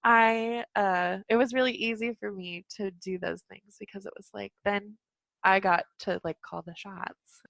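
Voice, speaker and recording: Bright, laughing woman telling a story. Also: medium pitch, measured pace, vocal fry, no room sound. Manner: lively, laughs often between words. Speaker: podcast guest. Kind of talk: casual chat, telling a personal story.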